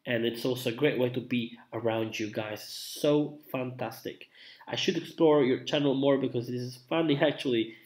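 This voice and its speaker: A man's voice: mid-range voice, normal speed, darkish tone. A young man, feeling unwell, chatting loosely to viewers on a live stream, rambling with many fillers and restarts. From Italy. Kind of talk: casual live-stream chat.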